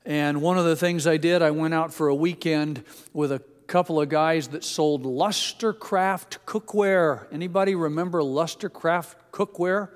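Older male preacher, earnest and chatty, slightly high voice, echoing church room. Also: steady tone, normal speed, hardly any pauses, clean tone. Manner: earnest, conversational, with small restarts. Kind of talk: sermon. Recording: echoey hall.

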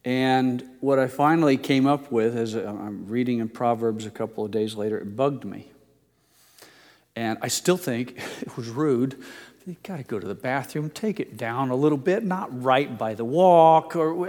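An older pastor delivers a sermon in a relaxed, conversational way, poking fun at himself as he tells a story. His voice sits at an ordinary middle pitch for a man. It carries a long reverb from a church hall. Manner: conversational storytelling, self-deprecating.

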